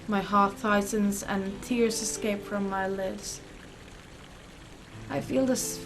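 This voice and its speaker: A woman hosting a gaming channel, reading a visual novel's story text aloud with expressive, emotional delivery. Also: medium pitch. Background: game music.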